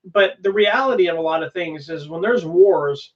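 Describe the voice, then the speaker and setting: A man's voice: high-pitched, normal speed. A man co-hosting a casual movie podcast, rambling and thoughtful with lots of fillers. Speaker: podcast co-host. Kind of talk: casual chat reviewing movies. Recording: distant, dull-sounding mic.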